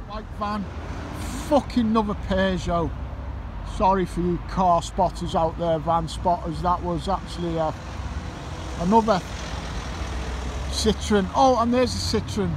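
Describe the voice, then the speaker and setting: Standing outside by a roundabout near a petrol station, a man from Ireland records a casual vlog about metal detecting. He has a high voice, speaks at a measured pace and pauses often, swearing, grumbling and improvising rhymes. Faint traffic passes in the background.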